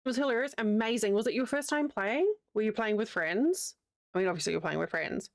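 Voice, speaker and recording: A woman's voice: fairly high pitch, expressive, brisk, no echo, clean studio sound. A young woman with a New Zealand accent, chatting casually with her livestream audience while she crochets, rambling and answering chat as she goes. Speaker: streamer.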